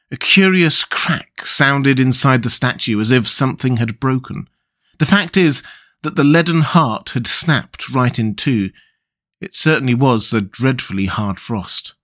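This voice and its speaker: Male storyteller, calm narration. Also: medium pitch. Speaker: storyteller and podcast host. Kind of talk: scripted narration of a classic tale.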